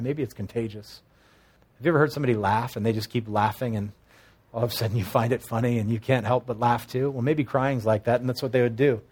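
A man's voice: mid-range voice, slightly rough. Man teaching scripture with jokes. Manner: expository Bible teaching with humorous asides; reads scripture aloud, then explains it conversationally. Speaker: pastor. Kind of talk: sermon.

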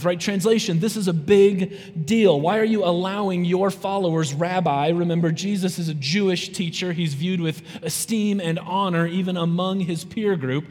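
A man preaching a sermon to a church congregation, lively and conversational, often checking in with his listeners. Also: on the high side, moderate pace. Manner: lively, conversational, often asks "right?" to the audience. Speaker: pastor. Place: church sanctuary. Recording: long reverb from a large hall.

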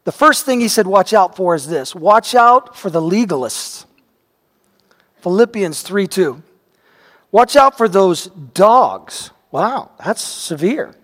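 High-voiced pastor in an echoing hall. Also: male voice, unhurried. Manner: animated storyteller, voice rising and shouting at dramatic moments. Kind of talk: sermon with personal storytelling. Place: church sanctuary. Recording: long reverb of a large hall.

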